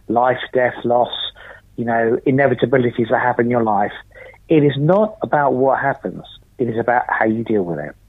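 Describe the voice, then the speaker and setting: A man's voice: mid-range voice, dry recording. A man chatting as a podcast guest, talking in an emphatic, theatrical, rhetorical way. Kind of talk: casual chat. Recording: tinny phone line.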